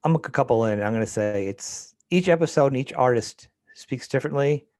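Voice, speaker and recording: A male podcast host who talks fast and rambles through his thoughts with plenty of enthusiasm. The sound is dry and close, as if he is recorded in a small treated room. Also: mid-range voice, expressive, darkish tone, no echo. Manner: rambling, enthusiastic, quick to laugh. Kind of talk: casual chat.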